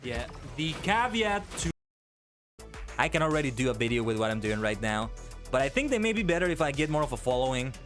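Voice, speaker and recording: A man streaming and chatting casually, animated and exclaiming, often correcting himself mid-sentence. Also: mid-range voice, fairly quick, soft background music. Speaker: VTuber streamer. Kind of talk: casual stream chat and reactions.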